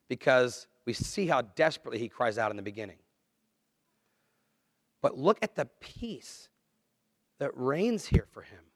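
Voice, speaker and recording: A man's voice: mid-range voice, no room sound, clean studio sound. Earnest male pastor preaching. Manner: earnest, conversational preaching with dramatic dips and swells. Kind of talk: sermon.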